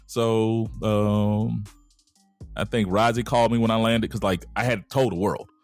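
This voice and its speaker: Brief: low-voiced man, podcast co-host, easygoing storyteller, faint music behind. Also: measured pace. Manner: relaxed, conversational retelling with fillers. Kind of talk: casual chat, storytelling.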